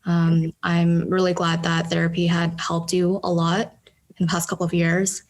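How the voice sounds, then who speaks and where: A woman hosting a podcast interview, responding supportively with short affirmations and warm follow-up remarks. Her voice sits a little low for a woman. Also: monotone, normal speed. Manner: supportive, frequent short backchannels. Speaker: podcast co-host.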